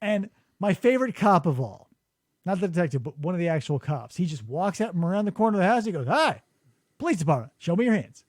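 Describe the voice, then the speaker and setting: Animated high-voiced man telling stories. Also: quick pace, no echo, clean studio sound. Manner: animated storytelling, acts out quotes, swears freely. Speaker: podcast host. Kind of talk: casual chat. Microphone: studio microphone.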